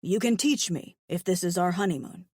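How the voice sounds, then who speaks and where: A woman voicing a gruff, shy male alien hunter with horns and a tail, who talks in a terse, formal way. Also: fairly low pitch, normal speed, a little mellow, no room sound, clean studio sound, lightly acted. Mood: earnest. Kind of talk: audiobook character voice.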